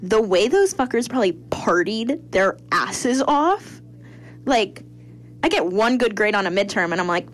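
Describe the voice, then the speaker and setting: A woman's voice: medium pitch, unhurried. A young woman co-hosting a casual chat, retelling a crime story with swearing and acted-out voices. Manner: animated, acts out quoted people, swears freely. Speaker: podcast host.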